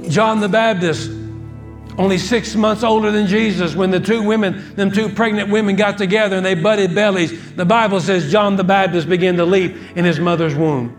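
A man preaching with a high voice, telling folksy stories and doubling back on his words as he talks. Soft music sits faintly behind him. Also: fairly even intonation, normal speed. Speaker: pastor. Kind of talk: sermon.

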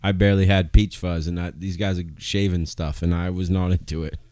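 A man with a very low voice co-hosts a relaxed podcast, rambling and swearing casually. His voice sits close and dry, with no room sound around it. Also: fairly quick, no echo. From Maine. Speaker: podcast co-host. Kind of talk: casual chat.

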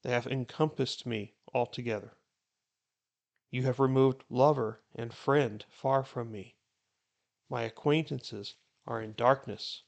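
A man praying aloud and then reading scripture in a slow, measured way. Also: medium pitch, fairly even intonation, vocal fry. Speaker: Bible reading host.

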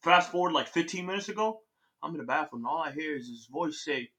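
An actor playing an excitable young man who swears loudly and tells a frantic story in slang, in an audio drama. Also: a little high, quick pace. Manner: loud, agitated storytelling with slang. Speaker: Trey, a young man who saw the Grim Reaper.

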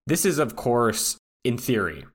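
A man narrating a tabletop game as the game master, describing scenes at a steady pace. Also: medium pitch, a little slow, husky.

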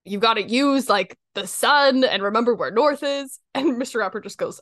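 A woman's voice: fairly high pitch, moderate pace, hardly any pauses, a bit bright, no echo. Young woman podcaster, giggly, gushing, quotes lines, dry close sound. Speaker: podcast co-host. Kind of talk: casual podcast chat recapping a cartoon episode.

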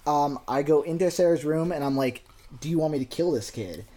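A young adult man, co-hosting a podcast, telling a story in casual chat, excitable and swearing freely. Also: a little high, fairly quick.

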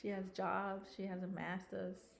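A woman's voice: mid-range voice, little pitch movement, unhurried, creaky, roomy sound, a little hiss or hum. A woman in her thirties co-hosting a podcast, chatting casually in an easygoing, playful way and laughing often. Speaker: podcast co-host. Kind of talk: casual chat.

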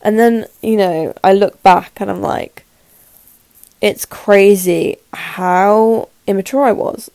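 An eighteen-year-old woman with a sore throat, rambling nervously and quickly in a casual solo podcast chat, with lots of fillers. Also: medium pitch, gravelly, mellow, dry recording. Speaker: podcast host. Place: her room in the evening.

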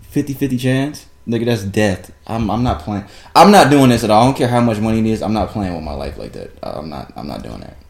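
A young man co-hosting a casual chat, loud and teasing, often laughing. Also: lowish voice, lively intonation, fast, creaky, roomy sound. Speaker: podcast co-host.

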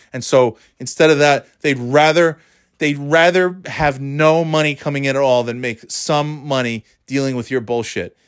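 Brief: man, middle-pitched, dry close recording, sarcastic profane rant. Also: no room sound. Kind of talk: ranting monologue.

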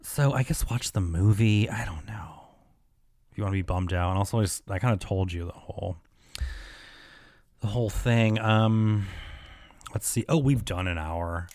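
A man's voice: on the low side, normal speed, pauses often, darkish tone, no echo, clean studio sound. A young man hosting a solo podcast, telling stories in a chatty, profane way full of fillers and restarts. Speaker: podcast host. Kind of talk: casual solo podcast chat.

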